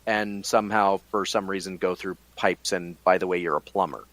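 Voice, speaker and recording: A man's voice: low-pitched, fairly even intonation, moderate pace, fairly bright tone, no room sound. A man co-hosting a casual podcast, musing and rambling about games and movies with frequent restarts. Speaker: podcast co-host.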